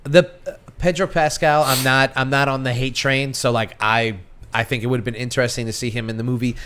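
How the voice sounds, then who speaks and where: A man's voice: medium pitch, fairly even intonation, fairly quick, fairly bright tone, clean tone. A young man co-hosting a casual movie podcast, rambling with frequent restarts and easy laughter. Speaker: podcast co-host. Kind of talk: casual movie review chat.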